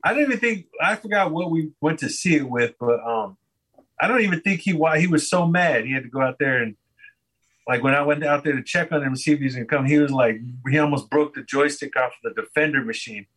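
A man's voice: a little high, fast, fairly bright tone, breathy edge, rough recording. A man guesting on a podcast, telling a rambling story in casual chat and laughing often.

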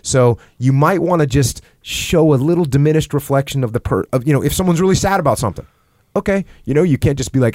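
A middle-aged man explains his point calmly and plainly, slipping into short acted-out exchanges to show what he means. His voice sits in a middle register, and the sound is dry and close with no room around it. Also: mid-range voice, fast, no echo. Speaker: podcast host. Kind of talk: casual conversation.

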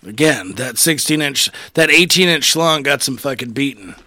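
A man's voice: mid-range voice, expressive, normal speed, sharp tone. A man hosting a casual podcast chat, teasing his friends with crude jokes. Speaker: podcast host.

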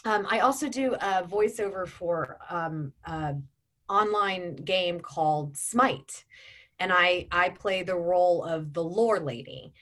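A woman's voice: fairly low pitch, slow, a bit bright. Chatty woman narrator in her forties. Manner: chatty, frequent ums and restarts. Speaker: audiobook narrator and voice actor. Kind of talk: casual interview chat.

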